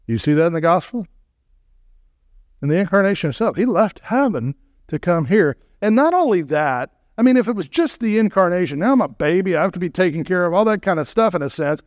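High-voiced preacher with dry close sound. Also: male voice, dry recording. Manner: rhetorical questions, swings from low murmurs to raised exclamations. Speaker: guest preacher. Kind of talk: sermon.

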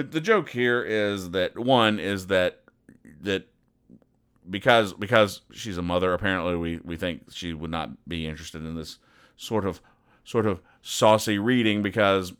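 A man's voice: deep voice, moderate pace, fairly bright tone, smooth. A man hosting a comedy show, explaining comic strips in a dry, sarcastic way and briefly acting out the characters' lines. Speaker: comedy podcast host. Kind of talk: deadpan comic strip commentary.

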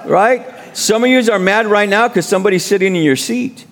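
A man's voice: high voice, brisk, few pauses, fairly bright tone. A man preaching as a guest speaker, exhorting the congregation with repeated calls of amen and plain, informal speech. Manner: exhorting, with call-and-response "amen"; informal street-style speech. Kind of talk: sermon.

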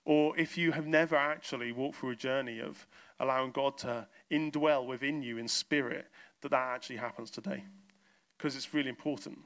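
Male pastor, bright tone, storytelling sermon. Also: medium pitch, steady tone, fairly quick. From south coast of England. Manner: storytelling, acts out exchanges in quoted voices. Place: church.

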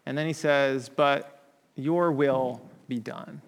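A man's voice: mid-range voice, fairly even intonation, slow, big-room sound. A man preaching a conversational sermon, often checking in with "right?" and restarting his sentences.

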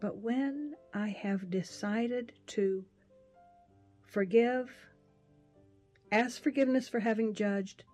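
A woman giving a slow, reflective personal testimony about forgiveness. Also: a little high, a little mellow.

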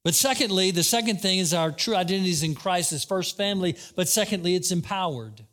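A man preaching a sermon as pastor, animated, acting out quotes and calling out questions to the congregation. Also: sits high, a little fast.

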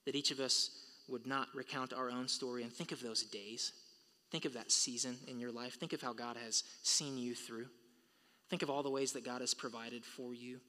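A man's voice: mid-range voice, steady tone, moderate pace, sharp tone. A male pastor preaching a sermon to his congregation, building to emphatic peaks. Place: church sanctuary. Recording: long reverb of a large hall.

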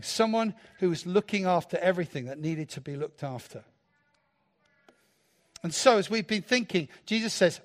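A man. He preaches playfully and jokes with the people in front of him. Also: high-pitched. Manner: playful, animated, jokes with the congregation. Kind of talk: sermon.

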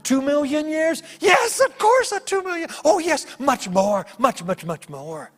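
A man voicing an ancient, joyful angel who laughs from deep in the belly. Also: huge pitch swings, a little slow, a bit bright, full character voice. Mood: laughing, exuberant. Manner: booming, laughing, exuberant. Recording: long hall reverb.

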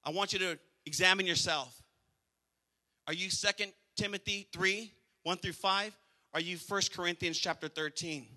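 In a large church hall, a male pastor with a high, piercing, very bright voice preaches at normal speed. He is emphatic, repeating phrases and calling out to the people gathered.

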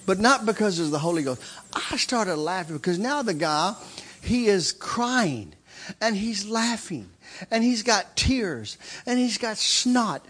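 A man preaching a sermon as a story, swinging from loud, excited shouts to hushed, intense lines. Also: high voice, unhurried, slightly rough.

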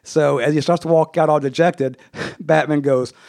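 A man's voice: on the high side, normal speed, vocal fry. A man hosting a casual chat, eagerly retelling cartoon scenes and acting out bits of the dialogue. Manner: animated retelling with acted quotes. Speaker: podcast host.

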